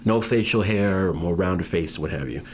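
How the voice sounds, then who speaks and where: A New Yorker in his fifties tells stories from his own life for an oral history interview, speaking in a low voice at a moderate pace. He is animated and acts out the voices of the people he quotes. There is slight background noise.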